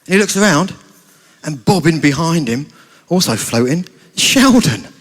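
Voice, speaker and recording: Man, children's sermon storytelling, lively sing-song delivery, highish voice. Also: moderate pace. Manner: animated, playful storyteller addressing children. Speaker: preacher telling a children's story.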